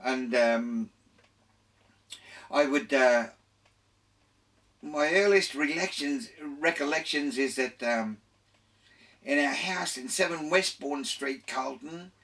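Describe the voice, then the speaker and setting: A man's voice: medium pitch, takes it slowly, pauses often, a bit bright, far from the mic. An older man with an Australian accent, a radio guest telling his life story in a rambling way, full of restarts and laughter.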